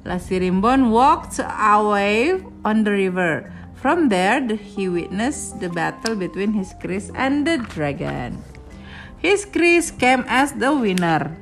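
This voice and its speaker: A woman reading a storybook aloud, slow and unhurried. Her pitch rises and falls expressively, and she drops in chatty asides. Faint music plays behind her. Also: big pitch swings.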